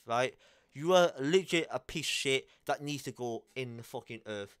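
A man's voice: medium pitch, normal speed, fairly bright tone, smooth. A young man, talking straight to camera in a heated, blunt rant full of swearing and repeated phrases. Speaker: vlogger. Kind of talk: angry confessional rant to camera.

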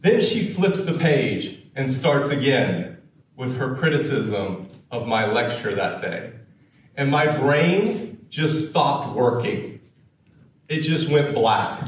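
An American-born man giving a storytelling talk as a keynote speaker, with slow, dramatic delivery and acted quotes. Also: mid-range voice, very echoey, far from the mic, slight background noise, low-quality recording. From United States.

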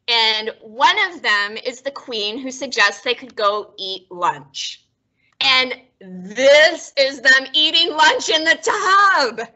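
Bright-voiced chatty woman librarian. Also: sits high, lively intonation, measured pace, lo-fi sound. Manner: chatty, laughing, self-deprecating. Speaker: librarian and host. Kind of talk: casual book talk.

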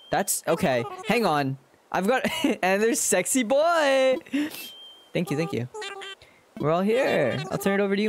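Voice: medium pitch, vocal fry. A streamer giving casual gameplay commentary, joking crudely and playfully.

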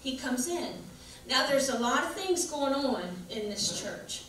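Woman pastor, high voice, slow sermon, folksy; echoey church recording with hum. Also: expressive, a bit bright. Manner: folksy, chatty storytelling with laughs. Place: church sanctuary. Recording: echoey church room, mic far off, background hum.

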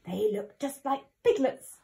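A woman voicing a small, boastful one-eyed wolf in a squeaky, excited voice. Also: unhurried, creaky.

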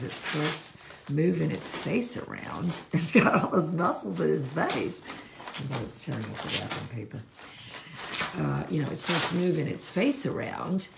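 A very deep, heavily gravelly woman talks casually about training dogs, rambling from one point to the next in a lively, swooping voice. She is recorded in an echoey room with clear background noise. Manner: rambling, animated, acts out quoted voices. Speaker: dog trainer. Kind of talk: casual livestream chat.

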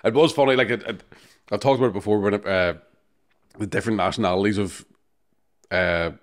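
A low-pitched man chats casually as a podcast co-host. He tells stories in a sweary, joking way and breaks into laughs often. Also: steady tone, brisk. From Northern Ireland. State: jet lagged. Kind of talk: casual chat.

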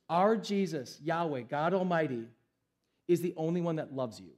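A man's voice: a little high, lively intonation, moderate pace, a little mellow. A young adult man, a pastor preaching a sermon in an emphatic, conversational way.

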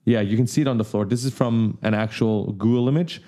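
Man teaching a 3D tutorial, mellow. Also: fairly low pitch, fairly even intonation, brisk. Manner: enthusiastic, explains simply. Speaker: tutorial host. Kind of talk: casual software tutorial.

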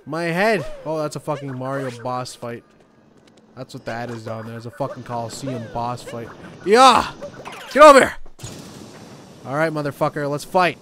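A young man commenting on a game as he plays, swearing often and joking excitedly. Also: mid-range voice, normal speed, a little hiss or hum. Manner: profane, excitable, jokey. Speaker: gaming YouTuber. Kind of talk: let's play commentary.

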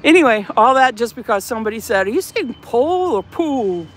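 A woman's voice: a little high, animated, fast talker, slight background noise. A woman with a slight Southern drawl, chatting casually while filming a walking vlog outdoors. She rambles and breaks into mock-officious announcements. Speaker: vlogger filming outside a church building. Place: outdoors, walking around grounds.

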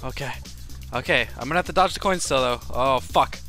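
A man's voice: medium pitch, brisk, gravelly. A man playing a hard game and commenting live, swearing a lot and screaming when he is in danger. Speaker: gaming video host. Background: game music.

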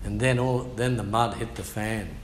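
A man's voice: lowish voice, steady tone, normal speed, reverberant, slight background noise. An older man with an Australian accent, preaching a sermon as a pastor and telling his testimony in a colloquial, slangy, emphatic way. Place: church.

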